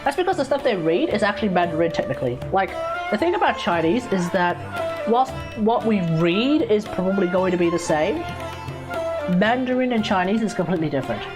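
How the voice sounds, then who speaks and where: A woman's voice: medium pitch, animated, brisk. Chatty Australian woman streamer over music. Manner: rambling, chatty, self-correcting. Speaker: gaming streamer. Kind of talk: casual live stream chat. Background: background music.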